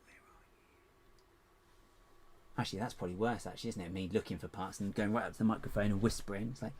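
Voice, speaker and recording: A man's voice: lowish voice, very fast, husky. A man chatting casually on a live stream while he builds, muttering to himself as he hunts for parts and poking fun at himself. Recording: steady background hiss with clicks.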